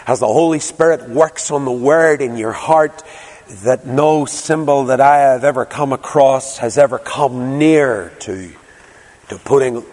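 A man's voice: mid-range voice, a little mellow, long reverb tail. A man preaching a fervent sermon as a pastor in a church, pleading with his listeners. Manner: fervent, rising to impassioned pleading.

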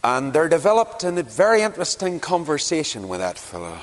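A man's voice: on the high side, fairly quick, few pauses. A man from Northern Ireland with a Northern Irish accent, preaching a sermon and telling stories from his own encounters. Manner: storytelling with anecdotes, animated swings. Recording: long reverb in a hall.

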